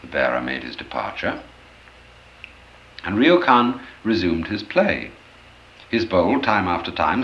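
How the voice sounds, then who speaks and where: A man giving an expressive storytelling lecture, acting out the anecdotes as he goes. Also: sits low. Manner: expressive, animated, acts out stories. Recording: roomy, dull old lecture recording.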